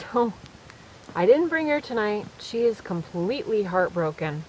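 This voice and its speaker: Woman vlogger, casual and animated, telling camp stories outdoors with a faint hiss. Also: mid-range voice, measured pace, low-quality recording. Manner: chatty, animated storyteller. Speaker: solo camping vlogger. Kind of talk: casual storytelling to camera. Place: outdoors in the woods at night.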